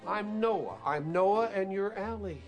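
An actor playing a devoted elderly husband in a film drama, who talks in a tender and soothing way. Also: male voice, high-pitched, measured pace, soft background music. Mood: pleading. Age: older.

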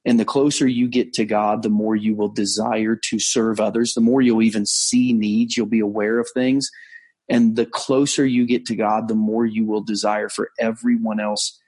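A man, a pastor, telling a story in a conversational sermon, earnest, slowing down to stress key points. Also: fairly low pitch, level tone, darkish tone, breathy edge. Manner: earnest storytelling, frequent restarts and slowed emphasis. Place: on location abroad.

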